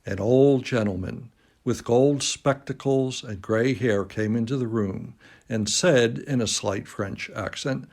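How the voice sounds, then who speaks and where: A man's voice: medium pitch, slow pace, creaky, a little mellow. A man reading a classic story aloud at a dining table at home, recorded on a phone, with dry self-mocking humor. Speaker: reader. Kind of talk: slow storybook narration.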